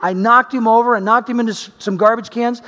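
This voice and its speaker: A male pastor from Oregon telling a personal story in his sermon, animated, swinging between loud emphasis and quiet asides. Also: extremely high pitch, quick pace. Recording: long reverb of a large hall.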